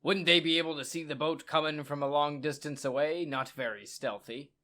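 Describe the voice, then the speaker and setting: Man doing a gruff, cheery swashbuckler who talks like an old sailor; tabletop game. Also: a little high, fairly even intonation, a little fast, bright, forceful tone, pitched above the performer's own voice. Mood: scheming. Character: swashbuckling male adventurer, bold and cheerful.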